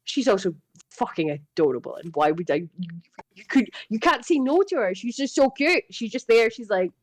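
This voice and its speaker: A woman co-hosting a casual gaming podcast, an animated storyteller who swears freely and laughs often. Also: on the high side, moderate pace. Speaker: podcast co-host. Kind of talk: casual chat.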